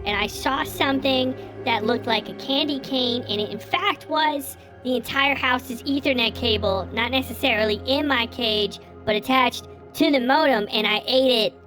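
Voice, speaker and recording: A man's voice: very high voice, normal speed, few pauses. A man streaming live while voicing a crude, foul-mouthed little male pet creature that lives in a cage, with rowdy, profane banter. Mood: rambling. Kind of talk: live stream character bit. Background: faint creepy game music.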